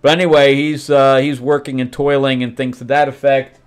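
A man's voice: medium pitch, level tone, clear, resonant tone. A middle-aged man hosting a casual comic book review, recapping the plot loosely with fillers and acting out quotes. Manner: rambling recap with fillers and quick acted quotes.

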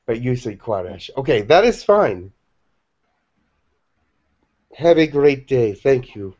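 A man channeling a gentle otherworldly being. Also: medium pitch, very animated. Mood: friendly. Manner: formal, slow, blessing-like phrasing. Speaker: channeled entity. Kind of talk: channeling session. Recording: dull lo-fi webinar audio.

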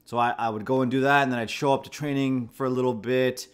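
A man's voice: medium pitch, fairly even intonation, fast, clear, resonant tone. Male host, 30s, medium voice, reflective first-person storytelling with frequent self-corrections. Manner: reflective and conversational, often restarting phrases. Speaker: host of a channel about anxiety. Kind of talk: personal story told to camera.

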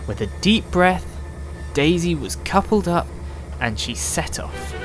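Slow lively storybook narrator. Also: mid-range voice.

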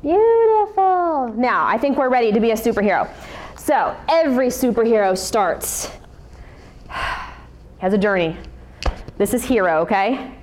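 A woman teaching a yoga class to children in a bright, coaxing, encouraging way. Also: mid-range voice, expressive, moderate pace, pauses often, slight background noise. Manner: upbeat, coaxing, talks to children. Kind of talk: guided kids yoga class.

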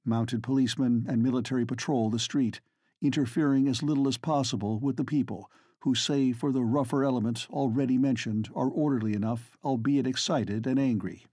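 Male audiobook narrator, husky, dry close mic, measured formal delivery. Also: medium pitch, steady tone, warm tone, no echo. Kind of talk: scripted narration.

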